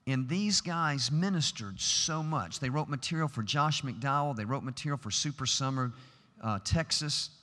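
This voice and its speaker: A man's voice: mid-range voice, expressive, moderate pace, bright, forceful tone. A middle-aged man preaching a sermon in a large chapel, earnest and emphatic, building to rhetorical questions. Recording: long hall reverb.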